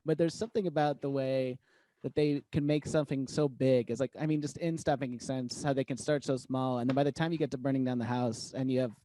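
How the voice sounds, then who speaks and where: A man's voice: medium pitch, fairly even intonation, quick pace, warm tone, no room sound. A man as a podcast guest, talking thoughtfully about music and searching for words. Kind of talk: casual chat.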